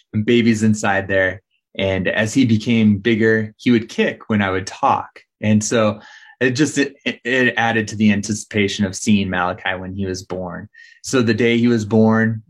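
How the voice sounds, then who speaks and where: An earnest man speaks in a slightly low voice, recounting a tender fatherhood memory. His delivery is sincere and heartfelt. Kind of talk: personal storytelling.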